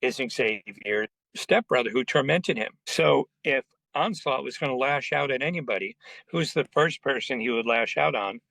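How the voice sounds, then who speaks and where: A man telling lively anecdotes in a casual interview, acting out the people in his stories. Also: mid-range voice, creaky, no room sound, rough recording. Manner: animated anecdotes with quoted voices, quick asides. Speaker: interview guest, comics writer. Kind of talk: casual storytelling.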